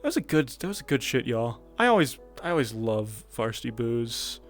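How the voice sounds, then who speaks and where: A man's voice: mid-range voice, very animated, a little fast, faint music behind. A man streaming a VR roleplay, chatting to his viewers in a loose, rambling way and laughing to himself. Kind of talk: casual VR roleplay stream chat.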